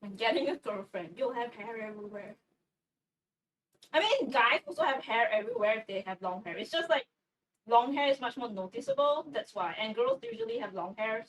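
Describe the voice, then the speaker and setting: A woman's voice: on the high side, sing-song, brisk. A woman streaming while she bakes in her kitchen, chatting casually and rambling, with plenty of swearing. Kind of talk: casual livestream chat while baking. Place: home kitchen. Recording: distant mic with faint background noise.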